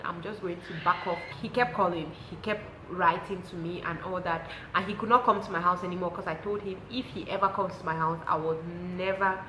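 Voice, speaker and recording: A woman's voice: lowish voice, echoey room, noisy background. A young woman with a Cameroonian English accent, telling a personal story on her vlog and acting out what people said. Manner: animated storytelling, acts out quotes. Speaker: lifestyle vlogger.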